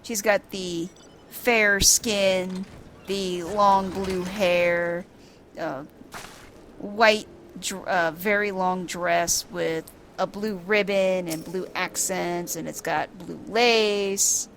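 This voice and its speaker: A woman's voice: lowish voice, steady tone, extremely slow, fairly bright tone, slight background noise. A woman casually describing a game's scenes aloud for blind viewers, chatty and descriptive with amused asides. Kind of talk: casual descriptive gameplay commentary. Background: faint game music.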